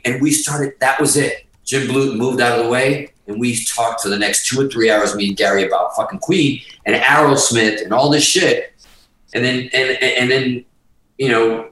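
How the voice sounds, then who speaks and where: A man's voice: mid-range voice, bright, forceful tone, roomy sound, distant mic, poor audio. A middle-aged man, telling rambling, profane stories in a casual chat as a musician guest.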